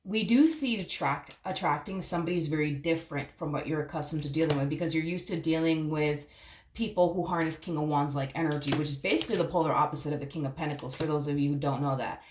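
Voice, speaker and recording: A woman's voice: deep voice, fast, roomy sound, a little hiss or hum. A woman giving a casual tarot reading to camera, blunt and swearing freely, calling the viewer honey. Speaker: tarot reader.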